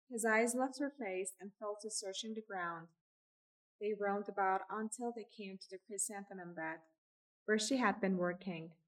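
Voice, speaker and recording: A woman reading a literary short story aloud in a measured narration. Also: mid-range voice, poor audio. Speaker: audiobook reader.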